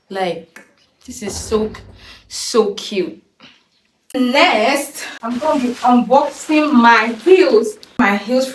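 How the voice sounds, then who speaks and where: A young woman chats to her viewers in an excited, gushing, slangy way. Her voice sits a little high and she takes her time. She sounds set back from the mic in an echoey room. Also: distant mic. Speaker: vlogger. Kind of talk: casual vlog chat.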